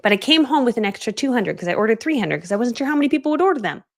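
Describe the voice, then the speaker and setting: A woman's voice: fairly high pitch, sing-song, racing. A middle-aged woman coaching on a live stream, telling her story animatedly and acting out the voices of the people in it. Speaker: online business coach.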